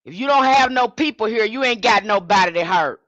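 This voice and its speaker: A woman's voice: fairly high pitch, lively intonation, brisk, fairly bright tone, no room sound, highs cut off. A woman giving an impassioned livestream sermon as a spiritual teacher, speaking in a fiery, confrontational way and repeating her points.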